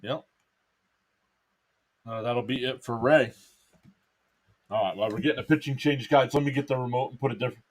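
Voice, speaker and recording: Man, mid pitch, laid-back live baseball commentary, chatty, reads viewer comments. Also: steady tone, normal speed, long pauses. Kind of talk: casual play-by-play and chat.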